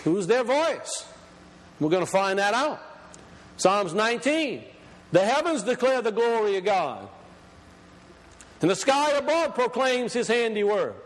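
A man preaching a sermon, emphatic, reading scripture slowly and deliberately. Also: sits high, big pitch swings, long reverb tail.

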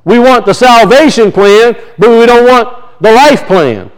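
A man's voice: extremely high pitch, animated, unhurried, clear, resonant tone, poor audio. A middle-aged man preaching a sermon, firing rhetorical questions at his congregation. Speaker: pastor.

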